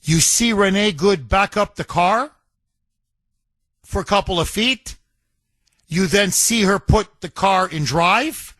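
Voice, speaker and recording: High-voiced indignant talk radio host man. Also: slow pace, pauses often, fairly bright tone, no room sound. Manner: indignant, emphatic, repeats phrases for effect.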